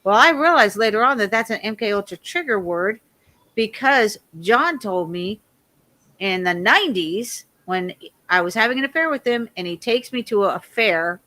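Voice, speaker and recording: Loud, animated woman telling a rambling story. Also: medium pitch, normal speed. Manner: animated, laughs often, loud. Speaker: guest.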